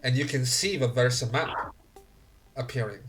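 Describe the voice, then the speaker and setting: A man's voice: mid-range voice, a bit bright, faint music behind. A man narrating grim scenes as game master in a tabletop game. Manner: slow, grim scene-setting.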